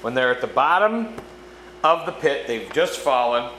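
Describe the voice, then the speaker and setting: A man's voice: medium pitch, sing-song, moderate pace, pushed and bright. A man preaching a conversational sermon, often checking in with his listeners. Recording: echoey room with background noise.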